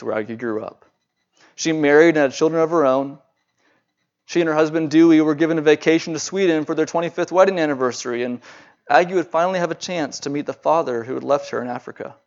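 In a sermon, an earnest male preacher retells a story at an unhurried pace and an ordinary pitch. When speaking freely, he sometimes halts on repeated words. The audio sounds dull and muffled.

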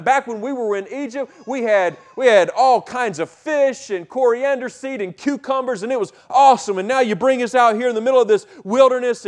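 A man's voice: very high-pitched, voice pushed up. A man voicing grumbling ancient Israelites complaining in a whiny, demanding way.

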